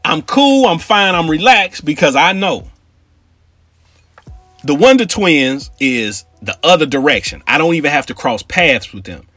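Animated husky man telling a story. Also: fairly high pitch, a little slow, dry recording, soft background music. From Cincinnati. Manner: animated, street slang, asides to the audience. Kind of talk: casual storytelling.

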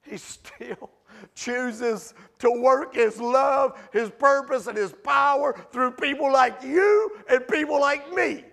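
A man with a very high-pitched voice delivers a sermon to his congregation. He moves between casual asides and passionate, shouted emphasis. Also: takes it slowly, creaky. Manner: animated preaching, rising to shouts for emphasis. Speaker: pastor. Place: church sanctuary.

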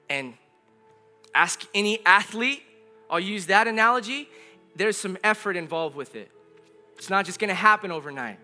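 A man's voice: high-pitched, lively intonation, normal speed, pushed and bright, faint music behind. A middle-aged male pastor giving an earnest, conversational sermon, often repeating his phrases.

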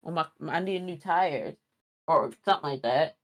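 A woman's voice: low-pitched, normal speed. Woman on a couples podcast, keeps restarting her sentences, insistent. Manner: insistent, detailed explaining with many restarts. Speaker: podcast co-host. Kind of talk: casual chat.

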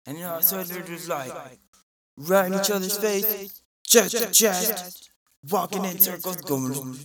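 Profane, rambling comic on a live stage. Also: a little slow. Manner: acts out quoted voices with big pitch jumps. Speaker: stand-up comedian. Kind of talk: freestyle stand-up storytelling. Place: live stage before an audience. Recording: distant mic with clear crowd noise.

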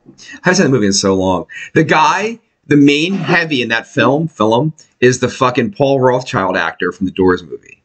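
A man hosting a podcast, talking in casual profane chat and slipping into quick impressions. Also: mid-range voice, lively intonation. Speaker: podcast host.

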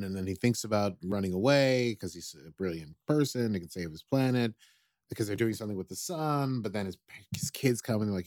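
A man's voice: fairly low pitch, animated, brisk, a little mellow, no room sound, clean studio sound. A man co-hosting a podcast, talking casually in a rambling way with many restarts. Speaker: podcast co-host. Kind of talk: casual chat about a TV episode.

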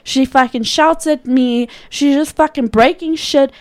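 A woman's voice: high-pitched, a little slow. A woman co-hosting a podcast, telling a story casually with lots of swearing and frequent laughter. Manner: profane, animated, laughs often. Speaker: podcast co-host.

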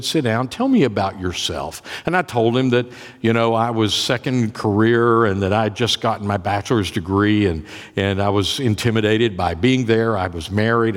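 Pastor telling a story in a church. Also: male voice, on the low side. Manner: conversational, repeats words and restarts. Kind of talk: sermon storytelling. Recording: long reverb of a church.

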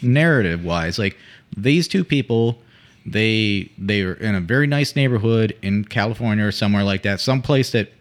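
A man's voice: lowish voice, expressive, normal speed. A man co-hosting a casual podcast, recapping a story in a hesitant way with many fillers. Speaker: podcast co-host. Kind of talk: casual chat retelling a plot.

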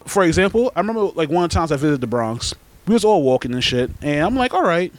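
Joking man with a lively high voice. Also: quick pace, no room sound. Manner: joking, emphatic banter. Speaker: podcast co-host. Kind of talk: casual chat.

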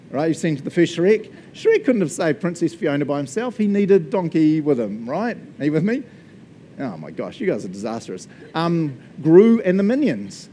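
A man with a New Zealand accent preaching a lively, playful sermon, laughing often and now and then shouting for joy. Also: fairly high pitch, a little hiss or hum.

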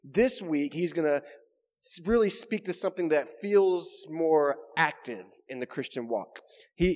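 A pastor preaching in a church, his voice sitting a touch high for a man. He talks to the room in a conversational, emphatic way and keeps checking in with the listeners. A long reverb trails behind every phrase. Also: darkish tone. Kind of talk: sermon.

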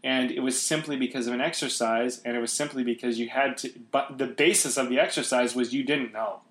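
A man's voice: mid-range voice, steady tone, fairly quick, a bit bright, roomy sound. Reflective, rambling podcast host, man. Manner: rambling, reflective, many restarts. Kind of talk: casual conversation.

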